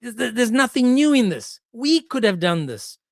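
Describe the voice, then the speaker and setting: A man giving casual livestream commentary, animated and sarcastic, joking with his chat. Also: very high-pitched, moderate pace, creaky, dry recording, clean studio sound. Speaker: streamer.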